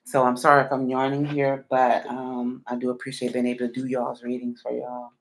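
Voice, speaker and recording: A woman's voice: very deep voice, completely flat delivery, a little fast, a little hiss or hum. A woman reading tarot on a late-night live stream. She is sleepy and yawning, and she rambles through many fillers while she answers viewers one by one.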